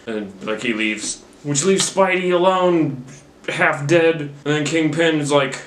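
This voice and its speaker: A young movie reviewer talks slowly into his camera at home, his voice on the high side and a bit bright, with a little hiss or hum. He rambles through a profane, self-mocking recap of a film he just saw, and the camera mic picks up a roomy sound.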